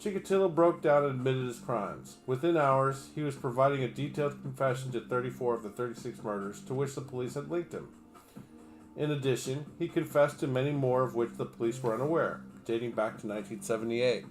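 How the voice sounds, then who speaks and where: A livestreamer with a brisk mid-range voice reads an article out loud, keeping a steady pace. He fumbles names and keeps interrupting himself with crude, sarcastic asides.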